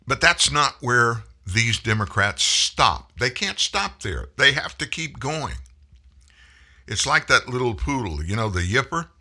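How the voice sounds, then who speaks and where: Scornful man with a bright edge. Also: medium pitch, animated, unhurried. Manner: mocking, folksy, scornful asides. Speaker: political commentary host. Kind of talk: opinionated monologue.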